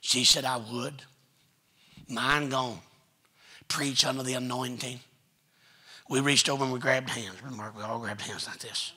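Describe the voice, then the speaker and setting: A man preaching a sermon in a church, his voice raspy and sharply bright. He speaks with a drawl and tells homely family stories, voicing each relative as he goes. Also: medium pitch, fairly even intonation, moderate pace. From Texas. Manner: folksy storytelling preacher, quotes family members. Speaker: pastor. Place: church sanctuary.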